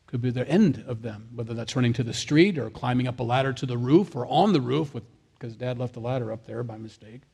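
A man's voice: mid-range voice, brisk, warm tone, husky. A man, a father of young kids, preaching a sermon in a conversational way, with jokey asides and acted-out quotes. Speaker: pastor.

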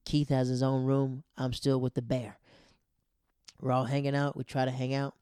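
A man telling a casual, animated story in slangy talk, laughing often as he goes. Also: medium pitch, moderate pace, clean tone, no echo, clean studio sound.

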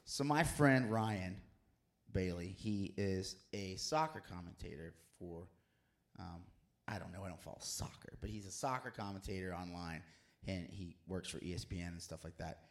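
A man co-hosting a casual church chat, an animated and playful storyteller. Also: deep voice, moderate pace. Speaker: co-host.

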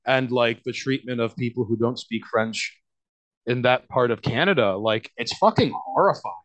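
Picture a man with a New York accent, holding forth as a guest on a casual podcast. His voice sits in an ordinary middle pitch. He rambles through stacks of fillers and false starts, swearing freely as he goes. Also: normal speed, fairly bright tone. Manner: rambling, many fillers and restarts, frequent swearing.

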